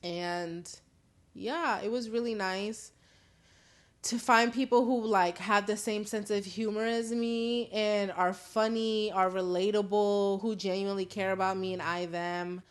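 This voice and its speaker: A woman's voice: medium pitch, steady tone, measured pace. Candid young woman hosting a call-in stream. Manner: candid, swears freely, laughs often. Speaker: host. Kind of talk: casual live-stream call-in chat.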